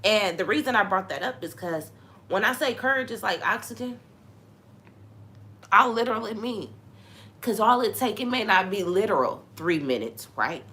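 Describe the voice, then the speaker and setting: A young woman hosting a podcast, talking in a relaxed, conversational way about faith and sometimes dropping into a hushed voice when she tells a story. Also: mid-range voice, normal speed. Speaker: podcast host. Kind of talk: casual spiritual talk.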